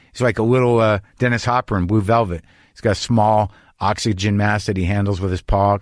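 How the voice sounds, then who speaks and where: A middle-aged man hosting a podcast, delivering an anxious, rambling, profane comic monologue in a deadpan way before chatting with a guest in his home studio. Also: lowish voice, fairly quick, dry recording. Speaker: podcast host.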